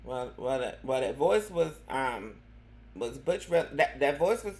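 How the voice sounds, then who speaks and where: Sassy woman host, low and unhurried, with a gravelly edge. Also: lively intonation, a little mellow. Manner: sassy, calls listeners honey, drawn-out slang. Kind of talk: live commentary show.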